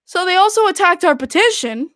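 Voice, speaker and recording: A young woman hosts a podcast and tells a story in a chatty, exasperated way, full of "like". Her voice sits high. The sound is dry and close to the mic. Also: animated, fairly quick, a bit bright, no room sound. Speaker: podcast host. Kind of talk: casual recounting.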